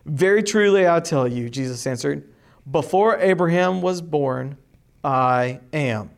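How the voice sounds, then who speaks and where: A man teaching a class, reading a long scripture passage aloud slowly and deliberately, with emphatic rises on key lines. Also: on the high side, creaky.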